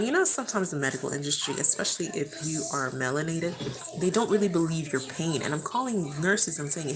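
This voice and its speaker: A woman's voice: lowish voice, lively intonation, a little fast, a bit bright, rough recording. A woman vlogger telling a personal story to camera at home in a casual, passionate and emotional way, often calling her viewers "guys.". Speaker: vlogger answering viewer questions.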